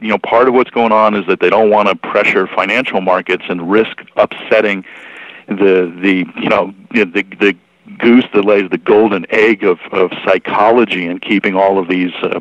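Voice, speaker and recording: A man as a guest analyst giving market commentary, measured and wry, with frequent restarts. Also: lowish voice, fairly even intonation, dry recording. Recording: dull dry remote line.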